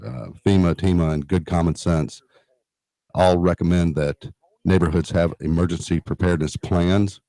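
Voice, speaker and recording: A man's voice: low voice, fairly even intonation, normal speed, mellow, dry recording. A man guesting in a radio studio, explaining emergency preparedness earnestly with frequent fillers and restarts. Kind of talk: radio talk interview.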